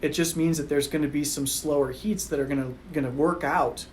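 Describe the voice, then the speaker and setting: A man's voice: fairly high pitch, steady tone, brisk, a little hiss or hum, low-quality recording. A man talking casually on a podcast about college track, rambling with restarts.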